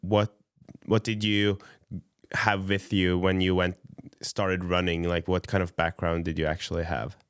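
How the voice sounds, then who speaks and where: Male host, very low smooth voice, dry sound, halting phrasing. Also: little pitch movement, fairly bright tone, no room sound. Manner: hesitant, repeats words while forming questions. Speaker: podcast host. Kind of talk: interview questions.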